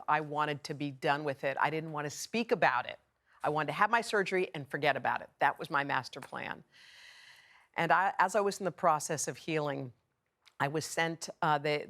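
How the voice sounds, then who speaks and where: A middle-aged woman speaks in a low voice with a gravelly edge of vocal fry. She tells a personal story candidly and conversationally, acting out the lines of the people she quotes. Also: fairly bright tone. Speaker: award recipient giving a video message.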